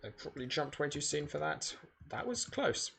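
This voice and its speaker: A man's voice: fairly high pitch, big pitch swings, normal speed, gravelly, a bit bright, soft background music. A man giving casual speedrun commentary while playing, rambling and correcting himself as he thinks aloud. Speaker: gaming video creator.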